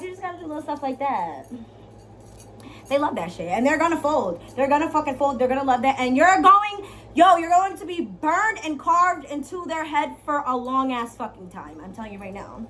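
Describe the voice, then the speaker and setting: A young woman vlogger giving dating advice in a brash, profane, playful monologue, swinging from loud to hushed. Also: high-pitched, a little hiss or hum. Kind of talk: casual storytelling monologue.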